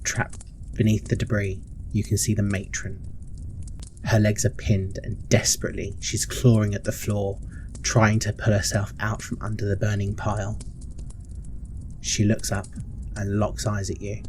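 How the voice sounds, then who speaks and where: A man's voice: fairly low pitch, monotone, moderate pace, a little mellow, slight background noise. A man narrating a tabletop game as game master, vivid and a little sweary.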